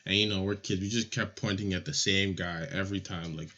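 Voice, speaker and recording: A young man from Nigeria telling a childhood story in a casual, animated, profane way. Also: sits low, a little fast. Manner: animated, swears a lot, acts out voices. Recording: lo-fi audio.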